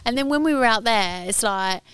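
Chatty woman with a smooth voice. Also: on the high side, lively intonation, brisk, a bit bright, no echo. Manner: chatty, rambling with fillers. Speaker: podcast co-host. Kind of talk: casual chat. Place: outdoor garden.

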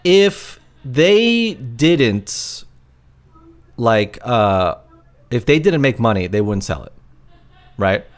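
A man's voice: mid-range voice, big pitch swings, drawn-out words, long pauses. A man co-hosting a podcast from his apartment, chatting casually and rambling with lots of filler words. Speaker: podcast co-host. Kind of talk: casual chat.

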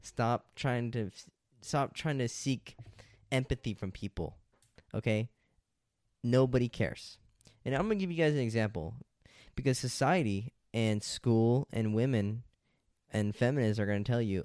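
A man's voice: mid-range voice, a little slow, darkish tone, dry recording, clean studio sound. A young man giving blunt dating advice in a casual monologue, lecturing with slang like "dude" and "like".

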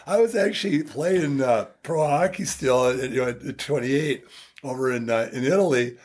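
A man's voice: mid-range voice, normal speed, darkish tone, breathy edge. A man in his sixties, a former hockey player, telling a story on a podcast and laughing through his punchlines. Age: 60s. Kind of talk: casual storytelling.

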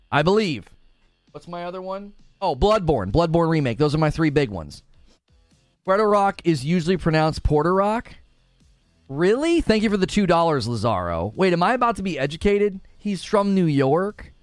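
A man hosts a casual gaming stream, reading out chat messages and laughing often. His voice sits high and swings widely in pitch. The sound is dry and close, with faint music playing underneath. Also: dry recording. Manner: animated, laughs often, reads chat aloud. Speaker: livestream host.

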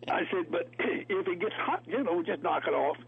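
Gravelly man on a phone line. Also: high voice, expressive, normal speed. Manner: folksy storyteller, laughs often. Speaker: actor guest. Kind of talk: storytelling interview. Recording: tinny phone line, radio.

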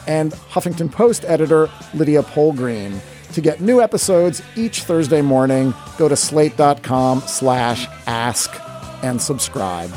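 A man hosting a podcast, giving brisk, joking announcements to close the show. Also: on the high side, mellow. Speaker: podcast host.

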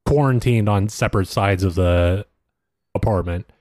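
A man with a lowish voice makes wry, sarcastic asides about a reality show, recorded close and dry with no room sound. He talks in a loose, conversational way. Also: moderate pace, darkish tone, dry recording. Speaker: podcast co-host. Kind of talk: casual chat recapping a reality show.

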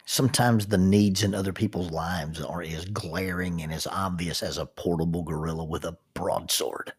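A man's voice: low voice, steady tone, normal speed, slightly rough. A man giving a reflective spoken talk, thoughtful, with frequent restarts and rhetorical questions.

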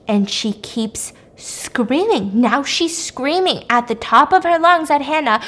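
A woman hosting a podcast, casually retelling a horror film's plot, acting out the lines and dropping to a hush for creepy moments. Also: high-pitched, slow pace, hardly any pauses. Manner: animated, acts out quotes, drops to a hush for creepy parts. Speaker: podcast host. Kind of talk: casual film recap storytelling.

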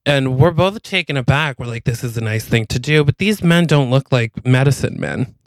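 Smooth-voiced man improvising a comic story. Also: mid-range voice, dry recording, poor audio. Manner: playful, halting with restarts. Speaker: podcast co-host.

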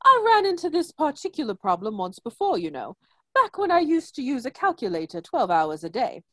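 A woman's voice: high-pitched, huge pitch swings, brisk, sharp tone, no echo, full character voice. Woman putting on a smug quack advisor man.

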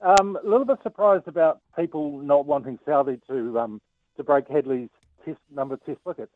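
A man's voice: a little high, fairly quick, no echo. A man calling in to a radio show and reading out a list of names. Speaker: caller. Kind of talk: casual phone-in chat. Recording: tinny dry phone line.

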